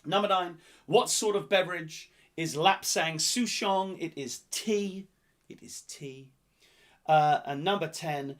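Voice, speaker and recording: A man's voice: a little high, slow pace, fairly bright tone. A man from England hosting a live-streamed pub quiz, reading out answers and teasing players in a jokey, playful way.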